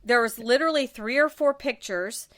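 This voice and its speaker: A woman's voice: fairly high pitch, normal speed, fairly bright tone. A middle-aged woman from the Florida Panhandle hosting a political talk show. She rants emphatically, sounds exasperated and restarts her sentences often.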